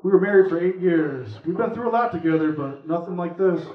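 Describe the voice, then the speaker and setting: A man voicing a gravely ill middle-aged Southern man who speaks in a folksy, plainspoken, heartfelt way, with a Southern US accent. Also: sits high, expressive, brisk. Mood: weary, earnest. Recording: echoey room, from far off, muffled.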